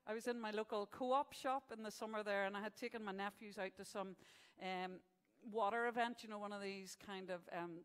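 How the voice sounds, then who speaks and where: A woman with a mid-range, smooth voice hosts a live awards event from a venue stage, joking with the crowd between announcements. Her intonation stays fairly even and her pace runs a little fast, with the sound of a large hall around her. She's chatty and jokey, delivering gags with punchlines in a live stand-up hosting style.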